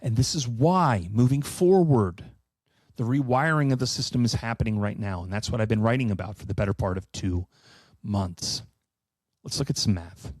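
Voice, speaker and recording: A middle-aged man giving an animated solo finance presentation, emphatic and sardonic with profane asides. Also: fairly low pitch, moderate pace, dry recording. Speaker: finance commentator.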